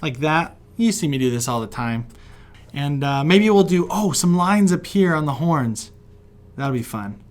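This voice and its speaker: A man's voice: on the high side, expressive, unhurried. A man from West Virginia, chatty and encouraging, teaching a children's drawing lesson while he sketches. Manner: friendly, chatty, encouraging, laughs often. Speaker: kids' art teacher.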